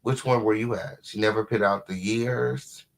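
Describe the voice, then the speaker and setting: A man hosting a casual live commentary stream at home, sassy and full of repeated drawn-out catchphrases. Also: fairly low pitch, steady tone, creaky. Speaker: livestream host.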